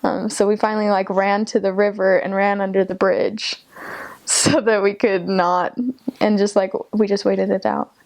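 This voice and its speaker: A woman's voice: mid-range voice, flat delivery, normal speed, a little mellow. Chatty young woman telling a story. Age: young adult. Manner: casual and chatty, many fillers and laughs. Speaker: returned missionary. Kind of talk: personal story in an interview.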